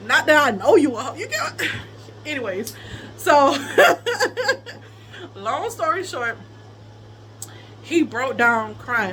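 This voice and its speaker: A young woman telling a personal story to her viewers in a casual, animated way, often laughing and quoting people. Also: high voice, slow, pauses often, a little hiss or hum.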